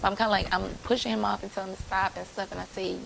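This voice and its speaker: A woman's voice: mid-range voice, level tone, racing, gravelly, noisy background. A woman in her late twenties telling a personal story to her viewers in a chatty, rambling way, calling them y'all. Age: late 20s. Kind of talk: casual storytime chat.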